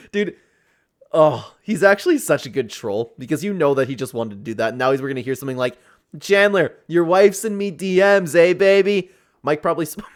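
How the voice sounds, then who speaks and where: A man hosting a casual reaction commentary, excitable and laughing often. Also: mid-range voice. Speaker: host.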